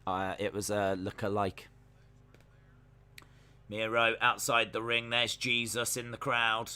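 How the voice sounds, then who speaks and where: A young man hosts a live reaction stream, chatting loosely as he watches and reads out viewer comments. His voice is strikingly bright and sharp, and he jokes along with the action. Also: lowish voice, flat delivery, takes it slowly, smooth, soft background music. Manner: chatty, jokey, talks to chat while watching. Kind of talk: casual live reaction commentary, reading chat.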